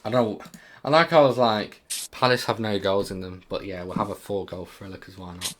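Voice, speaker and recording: Young British male co-host, low voice, laid-back banter, light background noise. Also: fairly even intonation, fairly quick, a bit bright. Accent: British English. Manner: laughing, self-mocking banter. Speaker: podcast co-host. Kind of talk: casual chat.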